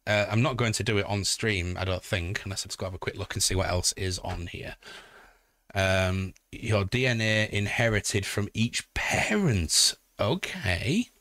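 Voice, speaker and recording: A man's voice: lowish voice, animated, unhurried, a bit bright, no room sound. A man chatting casually on a livestream, joking and swearing as he talks to his viewers.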